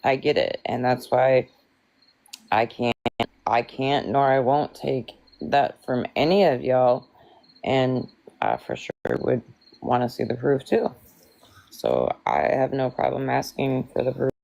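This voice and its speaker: A woman's voice: extremely low pitch, big pitch swings, unhurried, gravelly, a little mellow, dull audio. A woman joining a livestream as a guest, talking in a rambling, emphatic way and swearing often. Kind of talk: casual livestream chat.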